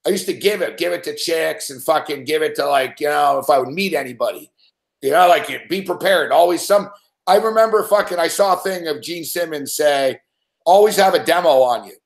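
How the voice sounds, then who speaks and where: A man's voice: a little high, a little fast, creaky. A middle-aged man telling a long anecdote in casual chat, rambling and swearing constantly. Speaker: sports betting show regular. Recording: roomy echo.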